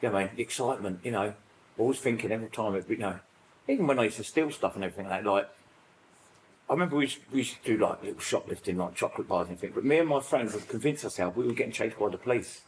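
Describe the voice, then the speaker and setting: Fast-talking British man telling stories. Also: on the low side, slight background noise, low-quality recording. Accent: British English. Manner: rambling, animated storytelling full of fillers and acted-out quotes. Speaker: recovery group member. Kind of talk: personal sharing in a support group.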